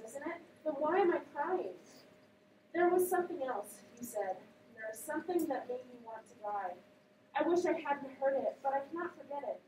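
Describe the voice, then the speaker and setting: Lady doing a lovesick young girl, wailing, high pitch, echoey room. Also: warm tone, slight background noise. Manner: wailing, overwrought. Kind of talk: reading a play aloud in class. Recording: echoey classroom, voice from a distance.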